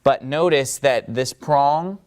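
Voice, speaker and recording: Smooth-voiced man teaching patiently. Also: medium pitch, slow, a little mellow. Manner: patient, checks in with "okay?" and "all right?". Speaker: Biblical Hebrew teacher. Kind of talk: step-by-step lesson at a board.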